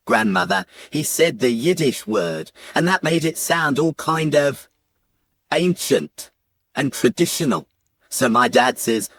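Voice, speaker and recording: A man's voice: mid-range voice, a bit bright, husky, dry recording. Playful man telling a comic story. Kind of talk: animated retelling of a comic childhood poem.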